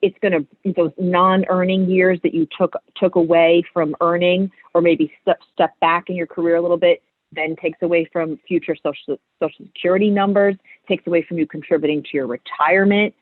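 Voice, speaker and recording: A woman's voice: lowish voice, a little fast, no echo. Candid woman guest over a tinny line. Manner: candid, animated storytelling. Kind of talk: casual interview chat. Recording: tinny phone-like line, dry.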